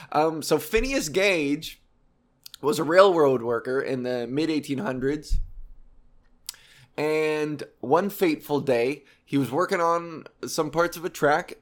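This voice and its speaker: A young man hosting a casual explainer monologue, rambling and sarcastic, with profane asides. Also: on the high side. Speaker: video host.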